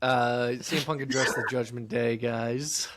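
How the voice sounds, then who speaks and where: A man's voice: medium pitch, steady tone, unhurried, heavy background noise. A man co-hosting a casual podcast, running through recap notes in a matter-of-fact way with frequent ums. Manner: matter-of-fact, listing events with filler ums. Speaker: podcast co-host.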